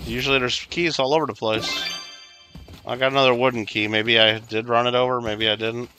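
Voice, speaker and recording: A man's voice: mid-range voice, steady tone, fairly quick, over music. A man from Illinois chatting casually while streaming a video game, playfully scolding his teammates. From Illinois, USA. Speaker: livestreamer. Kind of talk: casual gameplay chat.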